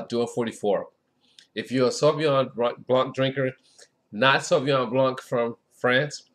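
A man hosting a casual wine tasting review, chatty and enthusiastic, with lots of filler phrases. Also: medium pitch.

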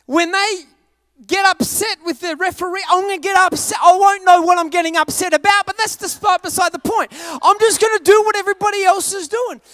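An Australian man preaching a sermon, telling a self-mocking story with animated delivery and sudden shouted bits. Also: very high voice, a little fast, no echo.

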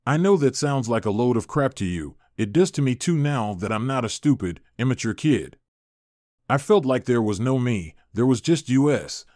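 A man's voice: medium pitch, darkish tone, no room sound, clean studio sound, lightly acted. A man reading the lines of a young estranged wife, heated and pleading, in a story reading. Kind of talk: audiobook character reading.

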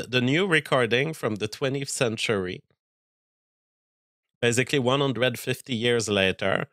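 Bright-voiced, exasperated male film critic. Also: medium pitch, no room sound, clean studio sound. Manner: exasperated, rambling critique with frequent restarts. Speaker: film reviewer hosting a show. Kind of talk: casual spoken film review.

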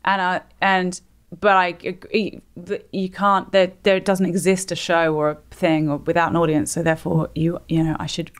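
Woman, 30s, from Australia, lower voice; loose, self-mocking podcast guest. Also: flat delivery. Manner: rambling, self-deprecating, quick asides. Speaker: comedian guest. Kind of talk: casual podcast chat.

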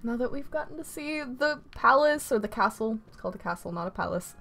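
High, lively woman narrating her game play, giggly and chatty. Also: a little fast, vocal fry, soft background music. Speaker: gamer. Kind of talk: casual let's-play commentary.

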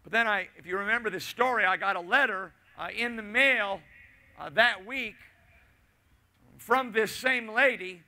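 Bright-voiced man preaching a story sermon. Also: sits high, measured pace. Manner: storytelling with asides and repetition, swinging from loud to hushed. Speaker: pastor.

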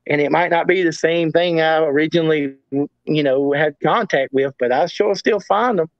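A man with a fairly high voice talks as a guest on a show. He rambles through his stories and circles back on himself. The audio is dry and dull, like a lo-fi recording. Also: no echo. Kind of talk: casual storytelling.

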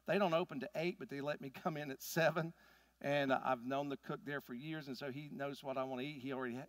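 A middle-aged man preaches in a relaxed, storytelling way, leaning into his points as they build. His voice sits a little high for a man. The sound is dry and close, with no room echo. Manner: conversational storytelling, rising emphasis. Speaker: pastor. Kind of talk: sermon with personal stories.

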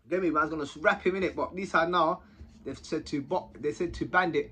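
A young man tells a story to his viewers, animated and full of slang, tagging his sentences with quick questions. His voice sits high for a man and sounds husky, with a bright, sharp edge to it. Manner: animated, slang-heavy, keeps adding tag questions. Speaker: vlogger telling a prison story. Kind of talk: casual storytelling to camera.

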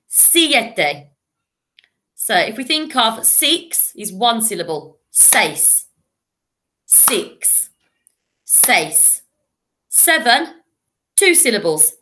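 A woman teaching a remote lesson to young children, drilling words patiently with clear call-and-repeat. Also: mid-range voice, pushed and bright. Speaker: primary school teacher.

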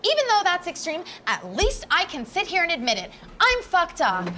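Woman playing an excitable young partner-in-crime. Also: medium pitch, moderate pace, a little hiss or hum, lightly acted. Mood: accusing, heated. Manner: excitable, rambling, needling. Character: impulsive young woman, a hitman's eager new partner. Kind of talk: web series drama acting.

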